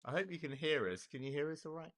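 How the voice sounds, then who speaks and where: A man's voice: on the high side, quick pace, a bit bright. An Englishman co-hosting a casual live stream from home, greeting viewers and chatting, with many restarts. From England.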